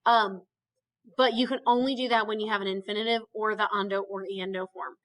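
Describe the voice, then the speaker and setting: A woman's voice: mid-range voice, steady tone, fairly quick, a bit bright. A woman teaching a Spanish grammar lesson in a recorded video, explaining patiently step by step and checking in with frequent okays.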